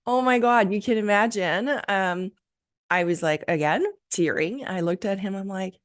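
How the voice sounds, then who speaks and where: A woman's voice: mid-range voice, normal speed. A woman hosting a solo podcast, telling a personal story in an enthusiastic, chatty way with frequent fillers. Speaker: podcast host.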